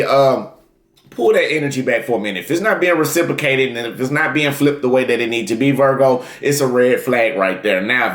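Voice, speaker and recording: A man giving a tarot reading and leading a guided meditation, speaking directly to his viewers with drawn-out, emphatic calls. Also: mid-range voice, fairly bright tone. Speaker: tarot reader. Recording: echoey room.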